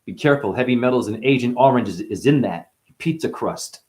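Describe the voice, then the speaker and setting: A man's voice: mid-range voice, expressive, fairly quick, a little mellow. A man rapping a rambling, boastful freestyle full of puns and profanity. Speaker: freestyle rapper. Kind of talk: freestyle rap.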